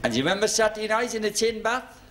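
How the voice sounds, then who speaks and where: Man, stand-up comic, high voice, club stage, noisy old TV recording under heavy laughter. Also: lively intonation, very fast. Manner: reminiscing storyteller, tag questions to the audience. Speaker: stand-up comedian. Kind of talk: stand-up routine. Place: working men's club stage.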